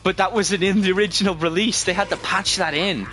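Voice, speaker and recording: A male game streamer with a bright, forceful, slightly high voice. He rambles through loose commentary, swears casually, and keeps correcting himself mid-sentence. His delivery is off-the-cuff and conversational. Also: steady tone, a little fast, faint music behind. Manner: rambling, profane, frequent self-corrections.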